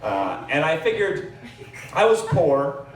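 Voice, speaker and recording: Male stand-up comic, rambling self-deprecating storyteller, animated delivery, roomy echoey live sound. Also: fairly high pitch. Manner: self-deprecating, rambling with fillers and quick asides. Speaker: stand-up comedian. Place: comedy club stage. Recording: echoey room, distant mic, faint hiss.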